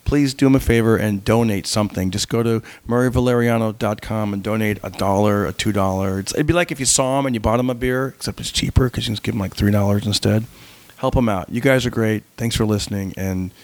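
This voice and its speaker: A man's voice: on the low side, steady tone, fast, dry recording. A man doing a goofy, upbeat promo spot for a podcast. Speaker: comedian reading a show promo.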